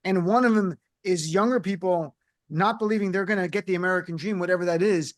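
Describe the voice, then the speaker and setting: A man hosting a radio talk show, chatting and telling quick anecdotes to his guests. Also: sits high, no room sound, clean studio sound.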